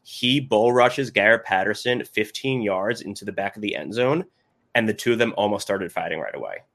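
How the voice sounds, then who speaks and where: A man's voice: on the low side, normal speed, creaky, fairly bright tone. A man appearing as a podcast guest, explaining his player analysis in chatty detail during a casual sports conversation.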